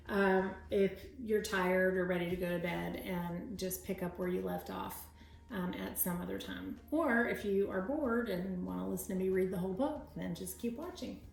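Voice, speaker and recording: Gravelly-voiced woman reading aloud. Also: medium pitch, roomy sound, low-quality recording. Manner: chatty asides to young listeners. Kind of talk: read-aloud storytelling.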